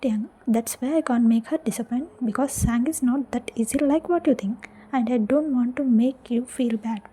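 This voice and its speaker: A brooding young man who pushes everyone away and keeps his answers short and defensive, as a woman reading the story puts him on. The voice is soft and breathy, hovering near a whisper, with a dark, mellow tone. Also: on the high side, normal speed.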